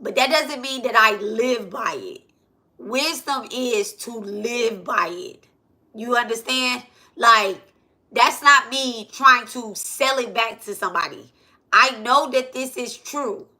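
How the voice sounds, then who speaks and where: Woman, casual spiritual teacher, bright voice, keeps checking in with listeners. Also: on the high side, slow. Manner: repetitive, asks "okay?" and "right?" often.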